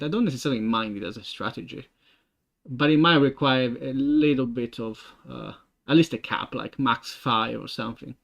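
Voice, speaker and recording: Italian-accented man thinking aloud, halting. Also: medium pitch, creaky. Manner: halting, full of fillers and restarts. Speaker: game developer streaming his work. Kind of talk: thinking aloud while working. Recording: dull lo-fi stream audio.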